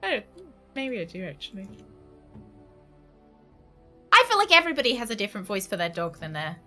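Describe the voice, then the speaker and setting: Give me a bright, sing-song woman chatting on a home stream and baby-talking her dog. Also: medium pitch, sing-song, brisk, soft background music. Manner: chatty, laughs often. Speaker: game streamer. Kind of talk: casual live-stream chat.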